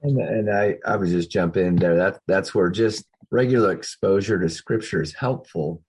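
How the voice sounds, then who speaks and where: Pastor guy on a video call, really low husky voice, earnest and thinking out loud. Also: normal speed. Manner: earnest, thinking aloud with restarts. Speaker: pastor hosting a Q&A. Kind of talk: casual discussion on a video call.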